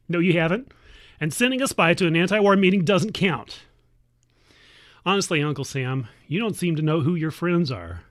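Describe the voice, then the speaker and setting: A woman playing an exasperated family member who scolds her warmongering uncle in a sarcastic, nagging, teasing radio sketch. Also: fairly low pitch. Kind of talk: satirical radio monologue.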